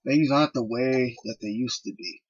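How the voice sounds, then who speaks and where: A man voicing a brooding male wrestler who speaks quietly and cryptically. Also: mid-range voice, normal speed, breathy edge, highs cut off, close to an everyday voice.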